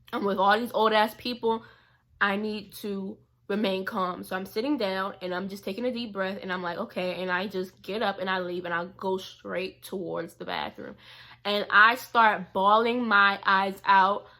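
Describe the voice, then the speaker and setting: A young woman vlogger telling an indignant storytime about a past job, quoting the people involved. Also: mid-range voice. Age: young adult. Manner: animated and indignant, quoting others. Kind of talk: storytime vlog.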